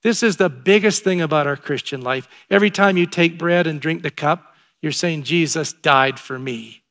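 Excitable pastor, slightly high voice. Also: male voice, moderate pace. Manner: conversational storytelling, rising to excited emphasis. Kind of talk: sermon.

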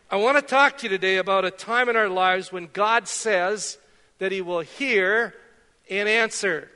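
Bright-voiced pastor preaching in an echoing church. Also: male voice, high-pitched, slow pace, long pauses, clean tone. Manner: conversational, self-deprecating, tells anecdotes. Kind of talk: sermon. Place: church sanctuary. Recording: long reverb of a church hall.

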